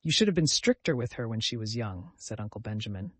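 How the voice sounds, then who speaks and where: A man's voice: brisk, dry recording. Man reading a novel aloud, dry sound. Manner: raises pitch and volume for quoted family members. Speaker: audiobook narrator. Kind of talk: scripted narration.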